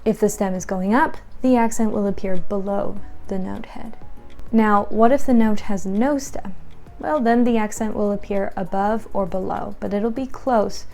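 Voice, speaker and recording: A woman teaching piano and explaining patiently in a clear instructional tone. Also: mid-range voice, steady tone, normal speed, darkish tone. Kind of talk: instructional tutorial.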